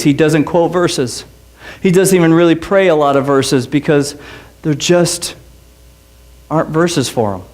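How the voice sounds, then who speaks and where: High-voiced man preaching with passion. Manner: impassioned preaching, voice climbing high on repeated lines; conversational storytelling with quick asides. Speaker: pastor. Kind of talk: sermon.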